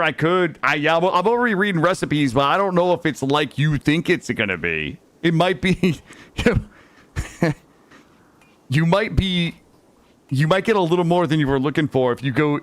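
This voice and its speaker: A man's voice: a little high, lively intonation, moderate pace, fairly bright tone, no echo. A young man streaming a game, chatting playfully with his viewers and swearing casually. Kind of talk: casual gaming stream chat.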